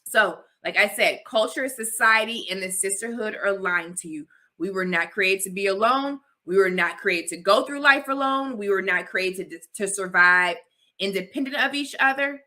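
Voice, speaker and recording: A woman's voice: mid-range voice, pushed and bright. A young adult woman, a host and life coach, talking straight to her viewers in an emphatic, repetitive, personal and preachy way. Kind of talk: direct-to-camera talk to viewers.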